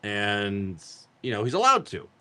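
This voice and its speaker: A man's voice: on the low side, huge pitch swings, unhurried, bright, forceful tone. A middle-aged man from Massachusetts hosting a casual live card-selling stream. He rambles from story to story, swears freely and laughs easily.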